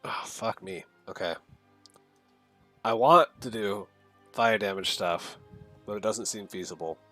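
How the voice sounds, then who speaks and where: Low-ish guy mulling over his turn in a tabletop game, lots of ums, faint music behind. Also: unhurried, bright, forceful tone, no echo. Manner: hesitant, thinks aloud with fillers. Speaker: player. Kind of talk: casual tabletop game talk.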